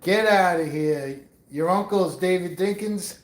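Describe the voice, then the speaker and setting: This middle-aged New York livestream host, with a mixed New York accent, rambles casually while responding to viewers outside on a windy day. His voice is high-pitched and a little slow, with a roomy sound.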